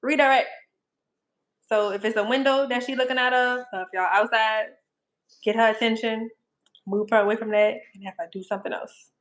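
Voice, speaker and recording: A woman's voice: on the high side, steady tone, a little fast, fairly bright tone. Laid-back New Orleans woman dog trainer. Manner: easygoing, laughs often, gives practical tips. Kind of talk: live-stream interview.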